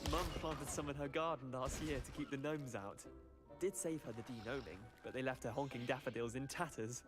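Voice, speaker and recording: A man's voice: mid-range voice, moderate pace, over music, close to an everyday voice. A man voicing a cocky young student. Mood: cocky chatty. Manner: cocky, chatty, boastful. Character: brash scrappy young male student who loves a fight. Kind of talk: video game dialogue.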